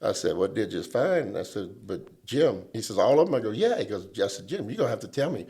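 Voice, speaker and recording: A low-voiced man, a government relations veteran appearing as a guest, tells stories in a casual chat. He speaks quickly with a slightly rough tone, animatedly acting out the people he quotes.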